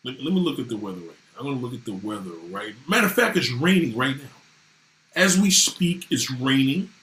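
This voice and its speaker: A man ranting casually to viewers, animated and swearing freely. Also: medium pitch, brisk. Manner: animated, swearing, voices others in quotes. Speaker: vlogger talking to viewers. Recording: echoey room.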